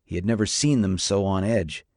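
A man narrating a novel in a steady, even storytelling manner. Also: sits low, moderate pace, no echo, studio quality. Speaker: audiobook narrator. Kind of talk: scripted narration.

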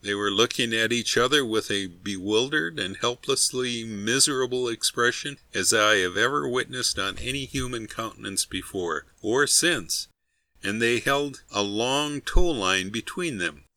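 A man narrating a humorous story in a steady, wry reading voice. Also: medium pitch, unhurried, dry recording.

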